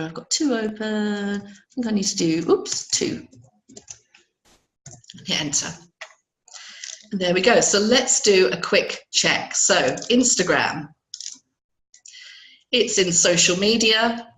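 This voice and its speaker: A woman with a hoarse voice teaching spreadsheet functions in a live webinar, patiently checking in with her listeners. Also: on the low side, a bit bright, roomy sound, low-quality recording. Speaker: Excel trainer.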